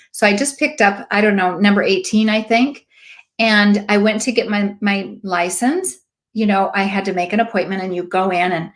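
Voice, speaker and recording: A sales director in her late fifties gives a motivational talk, telling lively stories and acting out the voices of the people she quotes. Her medium-pitched delivery is emphatic, with preachy asides.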